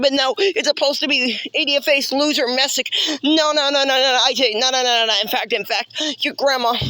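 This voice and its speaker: High-voiced man ranting insults. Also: fairly bright tone, no room sound. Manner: rambling, repetitive, profane taunting. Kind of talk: improvised insult rant.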